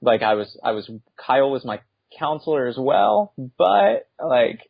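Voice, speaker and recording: A man co-hosts a casual conversation at a middle pitch. He talks hesitantly and restarts his sentences often. The recording is dry and lo-fi. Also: big pitch swings, measured pace, creaky, dry recording. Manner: hesitant, with many restarts and fillers. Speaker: co-host. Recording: dry, muffled lo-fi audio.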